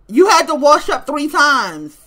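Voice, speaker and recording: Bright, high-voiced woman ranting. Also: sing-song, a little slow. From West Baltimore, US. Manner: blunt, profane, frequent laughter, emphatic repetition. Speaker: vlogger. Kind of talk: casual to-camera rant.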